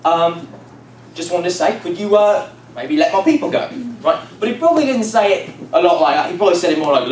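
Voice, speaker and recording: A man's voice: a little high, lively intonation, brisk. A young man retelling a Bible story to a youth group in a casual, rambling, joking way with lots of fillers. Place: church youth room. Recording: echoey room from far off, noisy.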